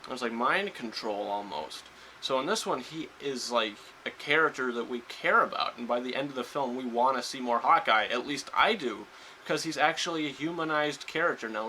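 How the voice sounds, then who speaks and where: A man's voice: mid-range voice, a little fast, pushed and bright, a little hiss or hum, low-quality recording. A man giving a casual spoiler review of a film, rambling with lots of fillers and restarts. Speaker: movie reviewer.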